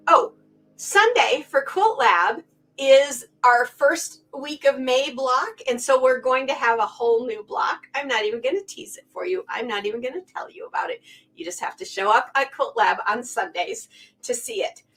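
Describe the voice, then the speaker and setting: A middle-aged woman who hosts a quilting channel talks casually to camera in a chatty, heartfelt, rambling way to her viewers. Her voice is a little high and a bit bright, and it sits slightly far from the mic.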